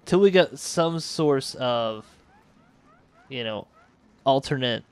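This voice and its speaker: A man's voice: mid-range voice, lively intonation, takes it slowly, darkish tone, clear, resonant tone, no room sound. Man musing over a colony sim. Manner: thinking aloud, musing and self-correcting. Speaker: let's play host. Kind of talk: casual gameplay commentary.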